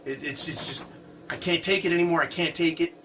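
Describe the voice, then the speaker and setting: A man's voice: fairly high pitch, fairly even intonation, brisk, a bit bright, far from the mic, a little hiss or hum, close to an everyday voice. A man quoting a panicked friend. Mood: desperate. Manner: pleading, broken repetition. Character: scared desperate young man friend.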